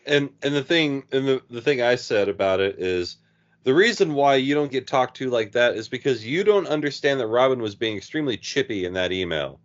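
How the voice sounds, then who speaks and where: A man in casual podcast chat who talks slowly and restarts his sentences. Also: mid-range voice, expressive, muffled recording. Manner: slow, halting, repeats words. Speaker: podcast co-host.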